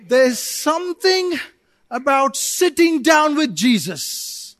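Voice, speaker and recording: A man pastor preaching a sermon at a church service, animated and joking with the congregation, at times building to emphatic shouting. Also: extremely high pitch, a little slow, no echo.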